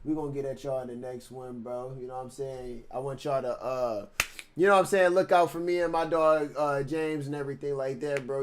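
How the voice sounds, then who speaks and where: A man's voice: mid-range voice, a little hiss or hum. A male streamer host talking casually and laughing along, signing off his stream. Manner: laid-back, laughs often, slangy. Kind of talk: casual live-stream chat.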